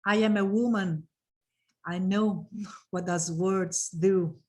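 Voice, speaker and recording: Slow, emphatic woman trainer. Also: on the low side, steady tone. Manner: emphatic, repeats phrases, emotional about her subject. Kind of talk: online training session.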